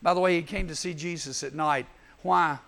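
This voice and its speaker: Youth preacher, male, pitched high with a raspy fry, acts out scripture voices. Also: normal speed. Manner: animated storytelling, acts out Bible voices. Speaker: youth speaker. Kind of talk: youth sermon.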